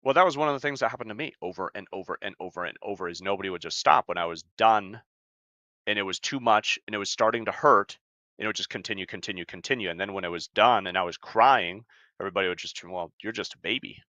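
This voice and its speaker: Blunt, forceful man swearing freely. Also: on the low side, fast talker, no echo. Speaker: podcast co-host and life coach. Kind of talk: casual podcast talk.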